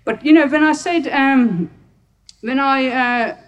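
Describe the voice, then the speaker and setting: A woman's voice: high voice, takes it slowly, far from the mic, highs cut off. A woman from Hungary who is a doctor, telling personal stories to an audience and laughing often. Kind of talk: personal storytelling talk to an audience.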